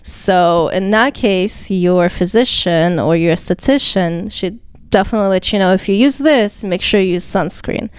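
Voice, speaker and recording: A young woman esthetician talks skincare in a relaxed interview, slipping in fillers as she explains. A slight non-native accent colors her words. Her voice is smooth and resonant, recorded close and dry. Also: mid-range voice, moderate pace, hardly any pauses, dry recording. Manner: chatty, explains skincare plainly with many fillers. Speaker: esthetician guest. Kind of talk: casual explanatory interview talk.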